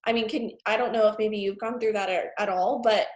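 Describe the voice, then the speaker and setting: A woman's voice: medium pitch, fairly even intonation, brisk, darkish tone, echoey room. A woman hosting a casual interview chat, rambling and full of fillers, agreeing readily with her guest. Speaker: host, network marketing leader.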